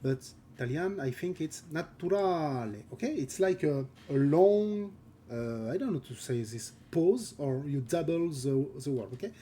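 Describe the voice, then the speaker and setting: A man's voice: on the high side, expressive, moderate pace, mellow, slight background noise. A man with a French accent chatting casually while drawing on a live stream. He halts, searches for English words and laughs often. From France. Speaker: concept artist streaming live.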